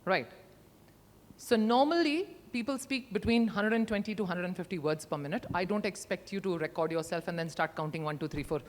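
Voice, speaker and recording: A middle-aged woman, giving an interactive workshop talk at a conference, emphatic and expressive, using her voice to demonstrate. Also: medium pitch. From India. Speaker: conference speaker. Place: large conference hall. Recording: long hall reverb.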